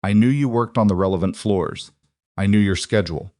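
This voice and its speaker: A man reading the lines of a reserved, careful crime boss, spoken slowly and evenly in his own voice. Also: lowish voice, dry recording, clean studio sound, close to an everyday voice. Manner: slow, even, careful wording.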